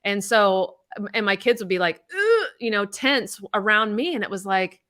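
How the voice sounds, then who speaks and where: A middle-aged woman co-hosting a podcast, talking bluntly and swearing freely as she tells her story. Her voice is bright and forward, sitting at an ordinary middle pitch. She acts out other people's lines as she goes. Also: normal speed. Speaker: podcast co-host. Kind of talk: candid casual chat.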